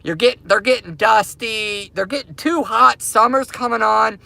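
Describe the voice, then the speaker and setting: A man rants to his viewers from his parked car, hammering the same points over and over like a preacher. His voice sits high and bright with a gravelly edge. The sound is close and dry. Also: moderate pace, no echo. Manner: repetitive, emphatic, preachy. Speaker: crypto mining channel host. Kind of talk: casual ranting monologue to viewers.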